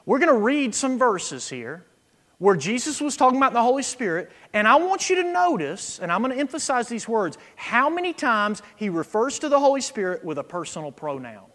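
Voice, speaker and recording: A man preaching a sermon, swinging from quiet asides to loud, emphatic scripture reading. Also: extremely high pitch, very animated, fairly quick. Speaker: pastor. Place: church sanctuary. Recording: echo with long reverb in a church.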